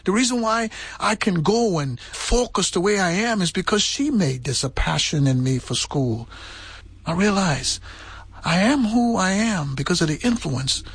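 A man preaching with a high, husky voice that swings widely in pitch, a gravelly edge showing up in the lower notes. The sound is dry and close. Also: lively intonation, measured pace, a bit bright, no room sound. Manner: impassioned preaching, rising in pitch. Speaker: pastor. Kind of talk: sermon.

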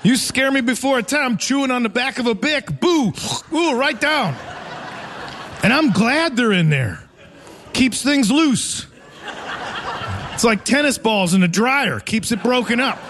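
A man's voice: very high-pitched, lively intonation, measured pace, pauses often, a bit bright, a little hiss or hum. A man in his forties doing a live stand-up set in a theater, rambling and self-mocking, often laughing through his lines. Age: 40s. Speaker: stand-up comedian. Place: theater stage before a live audience.

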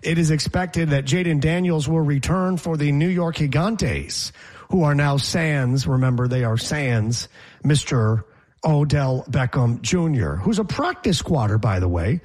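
A man's voice: a little high, expressive, unhurried, a little mellow. A man hosting a casual sports talk show, joking and imitating how people pronounce words. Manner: wisecracking, mimics voices and pronunciations. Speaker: sports radio host.

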